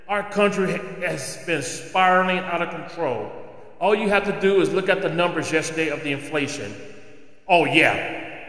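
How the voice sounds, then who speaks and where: A podcast host with a high, slightly bright voice rants indignantly on his solo opinion show, firing off rhetorical questions. The room is echoey, with long reverb.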